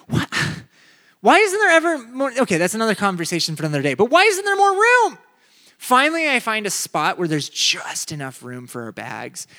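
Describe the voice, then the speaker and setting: A bright, forceful young male preacher with a slightly high voice. He tells a story with lively, expressive swings, climbing high for the comic parts and sinking low and quiet when he turns to the lesson. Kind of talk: sermon with personal story.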